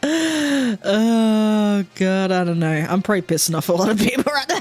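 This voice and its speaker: A woman's voice: mid-range voice, animated, measured pace, darkish tone, faint music behind. A woman, chatting casually on a gaming stream and rambling, swearing and laughing often.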